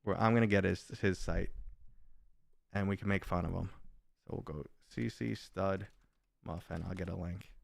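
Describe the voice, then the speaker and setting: A man's voice: low-pitched, steady tone, moderate pace, creaky, pauses often, no echo, studio quality. A middle-aged man chatting casually on a live stream, rambling and joking while reading viewers' comments aloud.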